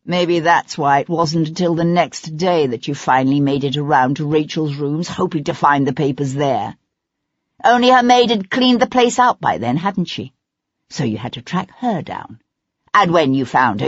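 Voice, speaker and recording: An audiobook reader voicing a sharp-tongued nobleman investigator who probes with cold, relentless accusations, in a dry, slightly dull recording. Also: on the high side, dry recording.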